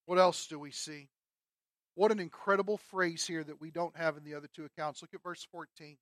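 A man preaching a sermon and reading scripture aloud, emphatic, rising to loud peaks and dropping low again. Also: steady tone, brisk, no room sound. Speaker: pastor.

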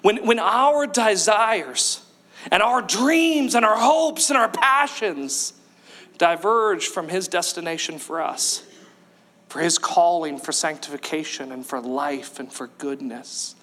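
A man preaching a sermon, animated, acting out voices from the story and at times rising to a shout. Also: sits high, slow pace. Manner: animated, acts out voices of Bible figures, rises to shouts. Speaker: pastor.

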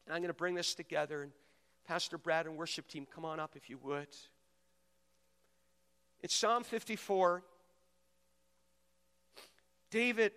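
High-voiced pastor preaching in a big hall. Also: male voice, pushed and bright, clean tone. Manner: preaching with rising intensity, calling on the audience. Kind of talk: sermon. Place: large auditorium.

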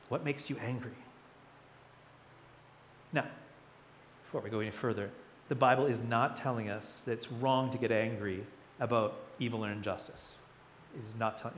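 A man's voice: mid-range voice, a little hiss or hum. A man in his thirties preaching a sermon as a pastor, conversational and chatty, with playful asides.

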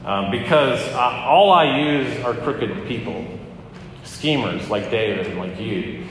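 A pastor giving a conversational sermon, often pausing with fillers and restarting his phrases. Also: medium pitch, a bit bright, slight background noise. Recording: echoey hall with long reverb.

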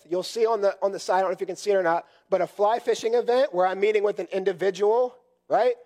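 A man with a fairly high voice, hoarse from a cough, leads a group teaching session. He talks conversationally and circles back on his points, checking in with listeners again and again. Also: warm tone. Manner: repetitive, conversational, constantly checks in with "right?". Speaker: session leader at church workshop.

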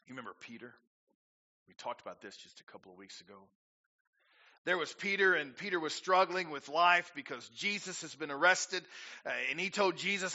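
Bright-voiced preaching man, lo-fi. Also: on the high side, animated, a little fast. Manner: preaching with rising emphasis, rhetorical questions to the congregation. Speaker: pastor. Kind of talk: sermon.

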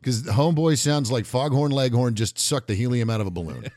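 A middle-aged man co-hosting a political talk podcast, joking and animated, slipping into mock voices. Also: medium pitch, brisk, no echo, studio quality. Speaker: podcast co-host. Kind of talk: casual political talk show banter.

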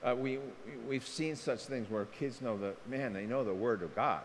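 Impassioned preaching man in a reverberant hall. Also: normal speed. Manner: impassioned preaching with big pitch swings. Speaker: pastor. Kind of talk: sermon. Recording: long hall reverb, faint noise.

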